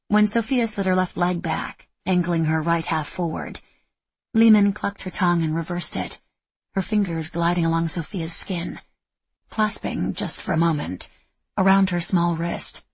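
Woman audiobook narrator, steady reading, husky tone, low pitch, dry close recording. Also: moderate pace, dry recording. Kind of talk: scripted narration.

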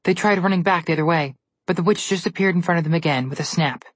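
A woman narrating a storybook in an even, measured reading. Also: lowish voice, no echo.

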